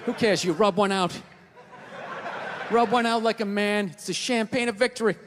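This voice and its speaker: A man with a Boston accent doing a profane stand-up rant, bursting into shouts, on a stage mic. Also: high-pitched, moderate pace, noisy background. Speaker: stand-up comedian. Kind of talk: stand-up routine. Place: large theater stage with audience. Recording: live hall with crowd laughter.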